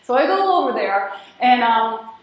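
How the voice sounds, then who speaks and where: A woman's voice: on the high side, sing-song, unhurried. A woman telling a personal story in a talk, acting out the dialogue and laughing often. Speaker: speaker at a spiritual community gathering. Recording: very echoey hall.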